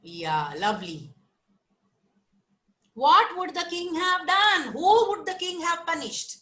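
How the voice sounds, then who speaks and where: A woman with an Indian English accent telling a story to children on a video call, animated and asking them questions. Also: very high voice, slow pace.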